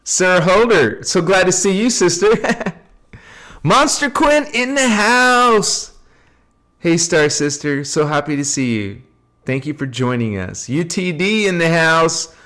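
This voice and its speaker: A man hosting a casual spiritual livestream, greeting viewers by name in a playful way and laughing often. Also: fairly high pitch. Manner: relaxed and unhurried. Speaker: livestream host.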